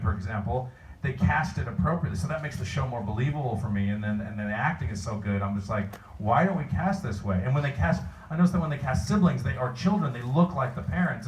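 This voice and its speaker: This man rambles along at a convention Q&A, mid-pitched and chatty, stopping and restarting his sentences. he's caught from a distance in a big echoey hall. a faint hum of the room sits underneath. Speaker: voice actor, convention panel guest. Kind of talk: convention panel Q&A.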